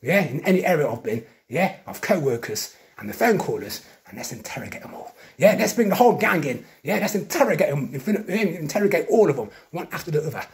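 A man delivers an agitated, accusatory monologue in a fairly high voice that jumps up and down constantly. He piles up names and grievances and tags nearly every phrase with a rising "yeah?". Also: big pitch swings. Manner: accusatory, lists names and grievances in rapid repetition. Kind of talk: monologue vlog.

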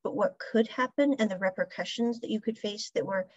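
A woman's voice: mid-range voice, fairly quick, breathy edge, dry recording, highs cut off. A woman hosting a podcast, casually recapping a drama in a chatty storytelling way with asides. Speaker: podcast host reviewing a drama series. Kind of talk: casual review monologue.

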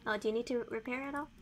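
A woman's voice: a little high, poor audio. A woman streaming a game, chatting playfully and laughing often as she reads chat and jokes with a friend. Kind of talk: casual gaming stream chat.

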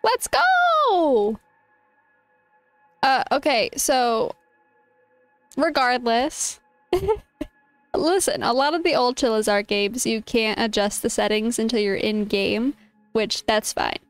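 A woman's voice: on the high side, takes it slowly, clear, resonant tone, dry recording. A young woman streaming a game, chatting casually, reading game text aloud and exclaiming often. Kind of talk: casual gameplay commentary.

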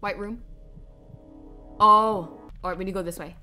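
A woman's voice: medium pitch, steady tone, moderate pace, sharp tone. A young woman streaming a video game, chatting to her viewers in casual gameplay commentary full of exclamations. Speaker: gaming streamer. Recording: music playing behind.

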